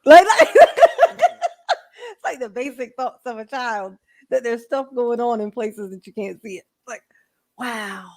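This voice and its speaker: A woman's voice: a little high, sing-song, slow, long pauses, darkish tone. A woman live streamer, chatting casually with viewers, rambling and laughing often.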